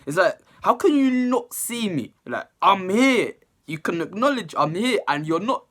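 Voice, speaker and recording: A man giving casual, animated reaction commentary as a video host, exclaiming often. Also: high-pitched, moderate pace. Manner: animated, exclaiming and laughing between remarks. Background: faint music.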